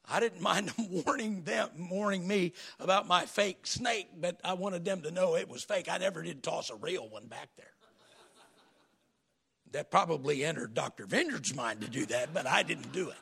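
A man preaches from the pulpit, his high voice raspy and gravelly as he tells folksy stories. His tone is bright and a little strained, and he keeps it animated throughout. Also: moderate pace. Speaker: pastor. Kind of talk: sermon.

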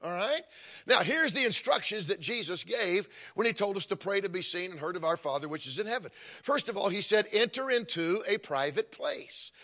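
An older man preaching a sermon, telling stories and building to emphatic, forceful points. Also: high voice, animated, brisk. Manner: storytelling preacher, rising to emphatic calls. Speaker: pastor.

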